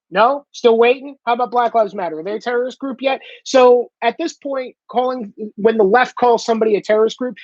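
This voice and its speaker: Sarcastic male commentator with a husky voice, profane comic rant, dry and slightly dull recording. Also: sits high, no room sound. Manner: sarcastic, profane, mocking impressions. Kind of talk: comedic political rant.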